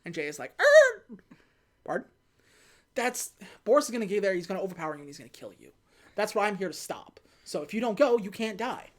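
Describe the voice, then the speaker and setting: Podcast lady retelling a movie, lively up-and-down voice, pops into little character voices. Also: medium pitch. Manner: animated retelling with quick put-on quotes. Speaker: podcast host. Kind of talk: casual movie recap chat.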